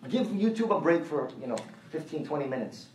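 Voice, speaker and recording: A man's voice: fairly high pitch, very animated, fairly quick, a little mellow, a little hiss or hum. A male preacher giving a conversational sermon, telling stories and repeating his phrases as he makes his point. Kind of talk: sermon with anecdotes. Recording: echoey hall, mic at a distance.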